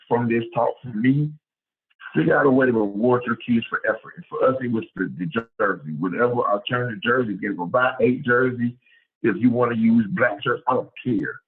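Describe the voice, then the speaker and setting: A man who coaches high school football, giving a lively, conversational clinic talk and repeating words as he goes. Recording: tinny phone-like sound.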